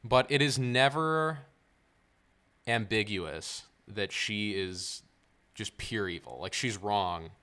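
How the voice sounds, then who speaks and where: A man in casual podcast chat, his lowish voice bright and forceful. His tone stays smooth and crisp as he works through his points, peppering them with "like.". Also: slow pace. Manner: thoughtful, many "like" fillers. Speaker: podcast co-host. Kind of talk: casual film discussion.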